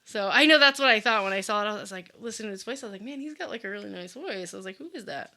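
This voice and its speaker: A woman's voice: medium pitch, expressive, racing, sharp tone, a little hiss or hum. A young woman co-hosting a casual podcast chat, chatty and full of fillers. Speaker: podcast co-host.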